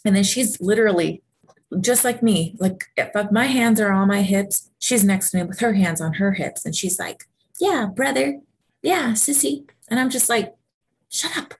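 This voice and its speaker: A woman in her thirties co-hosting a casual podcast, telling animated stories about her kids and acting out their voices. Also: mid-range voice, moderate pace, slight background noise, poor audio. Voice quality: husky, gravelly. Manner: animated storytelling, acts out her kids' voices. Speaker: podcast co-host. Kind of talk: casual chat.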